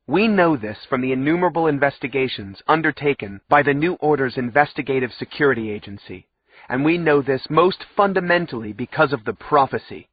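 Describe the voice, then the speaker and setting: A man's voice: mid-range voice, lively intonation, brisk, slightly rough, pitched above the performer's own voice. A man putting on a bellowing fanatical judge. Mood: condemning. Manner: bellowing, sanctimonious, condemning. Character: fanatical pompous older male judge. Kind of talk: audiobook character voice. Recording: slightly muffled audio.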